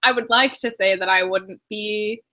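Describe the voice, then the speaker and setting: A woman's voice: medium pitch, moderate pace, sharp tone. A woman hosting a casual book discussion over a video call, chatty and laughing often. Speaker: book club host.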